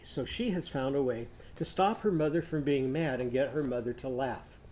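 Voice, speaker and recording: Slow, gentle man teaching children. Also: a little high. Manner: slow, patient, sing-song. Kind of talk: children's literacy lesson with songs.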